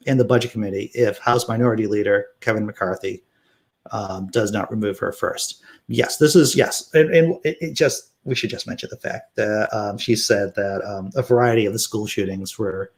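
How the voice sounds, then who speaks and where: Sarcastic man reading political news. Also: fairly low pitch. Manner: sarcastic, animated, laughs while reading. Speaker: political commentary host. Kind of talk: casual political commentary reading news and chat comments.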